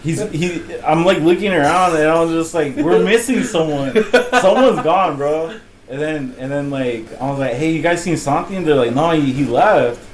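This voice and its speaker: A man's voice: a little high, brisk, hardly any pauses, low-quality recording. A young man hosting a podcast, telling a rambling, profane story full of laughter and "bro.". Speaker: podcast host. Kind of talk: casual storytelling chat.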